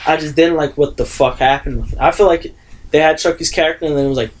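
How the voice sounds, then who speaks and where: A man co-hosting a casual podcast, arguing about movies loudly and with plenty of swearing. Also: on the high side, racing. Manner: loud, profane, animated arguing. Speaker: podcast co-host. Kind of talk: casual chat.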